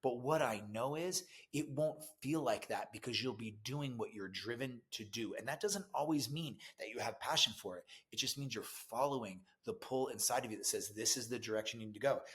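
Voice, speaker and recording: A middle-aged man gives a motivational talk as a business coach. His delivery is earnest and emphatic but stays conversational. His voice sits at an ordinary, mid pitch for a man. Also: moderate pace, hardly any pauses, a bit bright.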